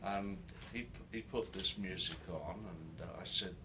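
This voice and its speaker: An older man speaking to a live audience, halting with many restarts, his words slightly slurred by a new denture. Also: low-pitched. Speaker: guest speaker. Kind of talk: live storytelling talk. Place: event hall with an audience. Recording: distant mic in a noisy room.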